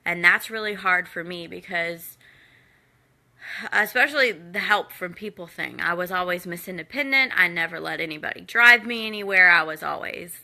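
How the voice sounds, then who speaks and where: A woman's voice: on the low side, normal speed, creaky, pushed and bright. A woman in her thirties speaking candidly and earnestly to an online community, encouraging and conversational, with occasional fillers. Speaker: guest speaker in a live Q&A. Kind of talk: candid personal talk to a community.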